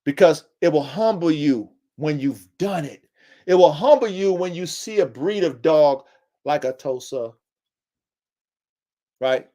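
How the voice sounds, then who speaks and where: A man's voice: a little high, lively intonation, a little slow, long pauses, mellow. A man hosting a livestream podcast, lecturing his listeners in an emphatic, preachy way, repeating himself and using casual slang. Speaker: podcast host.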